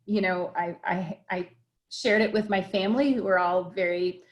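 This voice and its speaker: A woman restaurant owner talks over a video call from her home office. She tells her story in a reflective way, with plenty of fillers and small restarts, and her voice sits at an ordinary middle pitch. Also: fairly even intonation, moderate pace.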